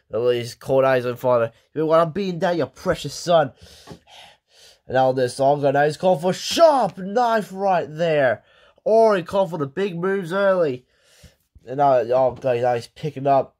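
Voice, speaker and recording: Excitable, swearing wrestling commentator man. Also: on the high side, a little slow. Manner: excitable, swearing, shouts on big moves. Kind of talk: casual play-by-play commentary.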